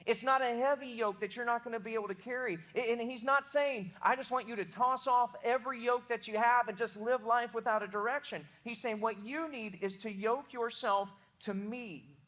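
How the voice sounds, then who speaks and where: Bright high-voiced preacher with Southern American accent. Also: male voice, steady tone, a little fast, few pauses. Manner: earnest, emphatic preaching with many restarts. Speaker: pastor. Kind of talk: sermon.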